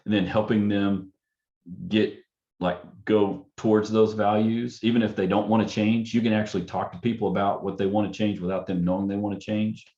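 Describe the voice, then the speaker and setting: A man's voice: fairly low pitch, little pitch movement, moderate pace, dull audio. A man, a counselor, talking casually about helping parents and adults, often acting out questions he would ask them. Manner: acts out client and parent dialogue in a softer, curious tone. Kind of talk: casual panel talk.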